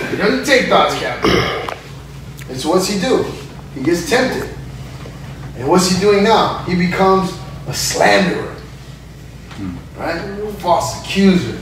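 A man leading a Bible study, teaching animatedly, often checking in with his group and acting out scenes. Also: high voice. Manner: lively, checks in with "right?", acts out scenes. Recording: echoey room, mic far off, noisy.

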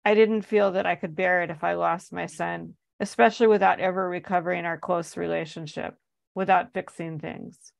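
Gravelly low-voiced woman reading her memoir. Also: steady tone, normal speed, no room sound. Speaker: author reading her own work.

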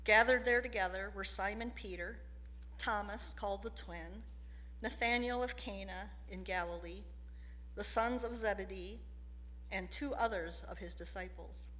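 A woman serving as lay reader, reading the gospel aloud in a steady, formal way during a church service. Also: medium pitch, a little slow, a little hiss or hum. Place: church sanctuary. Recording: long reverb of a church sanctuary.

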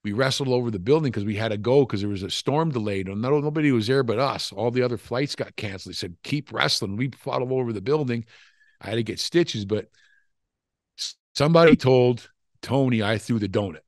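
An older man speaks at a medium pitch and a little fast, animatedly recounting his wrestling days in a casual interview full of profanity and tangents. The studio-quality audio has no echo.

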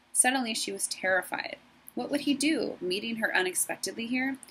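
A woman teacher reading a novel aloud to her class in a steady storytelling voice. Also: mid-range voice, gravelly, breathy edge, low-quality recording.

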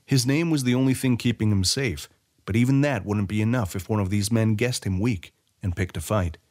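A man narrating a fantasy short story as an audiobook reader, in an expressive storytelling way. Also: lowish voice, brisk.

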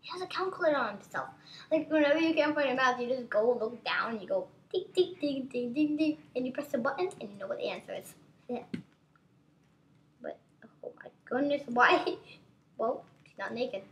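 Excitable, high, lively woman gamer. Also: a little fast. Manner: excitable, constantly exclaiming. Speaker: gaming channel host. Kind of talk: live gameplay commentary.

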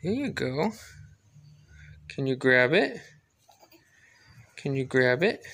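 A father gently coaxing his baby in a home video, sometimes turning playfully dramatic. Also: mid-range voice, very animated, slow pace.

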